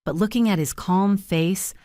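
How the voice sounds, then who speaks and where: A woman narrating a first-person family drama story in a measured, dramatic way. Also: mid-range voice, warm tone, dry recording, clean studio sound.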